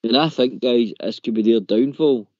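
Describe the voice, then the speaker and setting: This phone-in host is a man with a mid-range voice at normal speed, heard on a lo-fi recording without echo. Running a casual football call-in show, he argues tactics opinionatedly, trips over his words, repeats himself, and keeps saying "mate" and "in my opinion."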